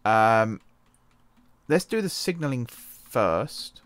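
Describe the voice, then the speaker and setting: A British man with a smooth, slightly bright mid-range voice speaks extremely slowly yet with big pitch swings. He's a let's-play host thinking aloud casually over a computer game, regularly changing his mind and correcting himself, and his wrist is in pain.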